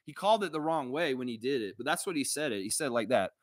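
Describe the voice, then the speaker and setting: A man's voice: medium pitch, quick pace, few pauses, no echo. A man hosting a live sports reaction stream, ranting with lots of swearing over a close, dry mic. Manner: animated, profane, ranting. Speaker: livestream reaction host.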